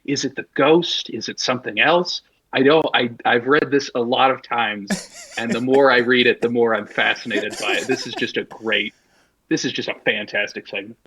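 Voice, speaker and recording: A man's voice: mid-range voice, steady tone, bright, forceful tone, low-quality recording. A man on a podcast, eagerly recapping a story with lots of "like" and "uh" in casual chat. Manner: enthusiastic recapping, drawn-out fillers. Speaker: podcast co-host.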